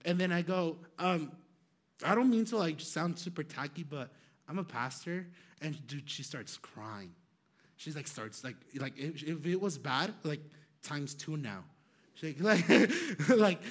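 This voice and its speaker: A young male pastor telling a story in a sermon, animated and laughing, with many fillers. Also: high voice, normal speed.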